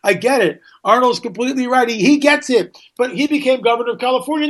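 High-pitched man ranting on talk radio. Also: lively intonation, fast talker, few pauses, fairly bright tone. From United States. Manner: indignant, ranting, rhetorical questions. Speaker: radio talk show host. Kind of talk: opinionated radio monologue.

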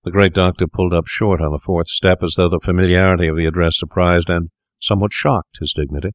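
Deep-voiced male audiobook narrator. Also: steady tone, quick pace, dry recording, clean studio sound.

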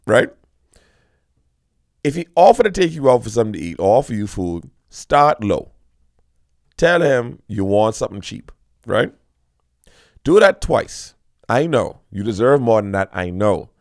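A man doing a comedic monologue in an animated, teasing, rambling way, addressing the audience directly. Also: mid-range voice, gravelly, dry recording, studio quality.

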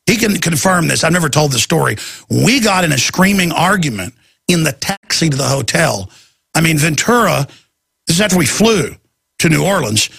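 A man's voice: fairly high pitch, big pitch swings, moderate pace, vocal fry, fairly bright tone, husky, dry recording, clean studio sound. A man hosting a talk show, telling a rambling story in a ranting style and acting out the voices of the people he quotes. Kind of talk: rambling talk-radio rant.

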